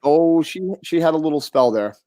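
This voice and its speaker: A man's voice: on the high side, fairly quick, warm tone, no room sound, clean studio sound. A man co-hosting a podcast in laid-back casual chat, often calling his partner dude. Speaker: podcast co-host.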